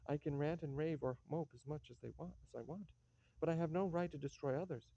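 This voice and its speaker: A man's voice: on the high side, fast talker, gravelly, dark tone, no room sound. A man reading a bitter, despairing nobleman. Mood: resolved. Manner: bitter, ranting, self-mocking. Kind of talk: play reading. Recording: dull lo-fi dry recording.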